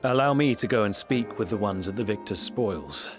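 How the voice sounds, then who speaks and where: A man's voice: lowish voice, expressive, normal speed, lightly acted. A man voicing a courteous male imperial soldier in a video game, speaking politely and formally. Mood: earnest. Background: game music.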